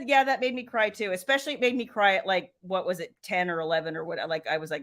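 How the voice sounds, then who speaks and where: A middle-aged woman hosting a casual live stream, telling animated stories and acting out what people said. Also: on the low side, quick pace, few pauses. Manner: animated storyteller, acts out quotes. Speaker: host, romance author.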